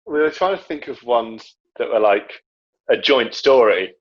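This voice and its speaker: A young podcast guest tells a childhood story in casual chat, laughing often and acting out the quoted voices. His medium-pitched voice has lively intonation and an unhurried pace, and the recording has a dull lo-fi sound.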